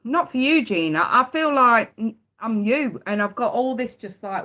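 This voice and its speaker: A woman's voice: a little high, animated, normal speed, hardly any pauses. A woman giving a live tarot reading, blunt and emphatic, swearing freely and repeating her points. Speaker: tarot reader. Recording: dull lo-fi sound.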